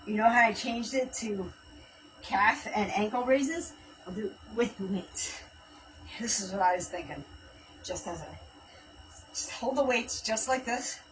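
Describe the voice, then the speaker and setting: In her home workout space, a livestream fitness host counts repetitions and chats while exercising, a bit short of breath. Her mid-range voice is unhurried, with long pauses; faint music sits behind a distant, low-quality recording.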